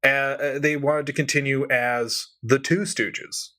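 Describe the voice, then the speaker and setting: A man co-hosting a podcast, chatting casually and animatedly, laughing often with quick asides. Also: medium pitch, fairly even intonation, bright, forceful tone. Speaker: podcast co-host. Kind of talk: casual chat.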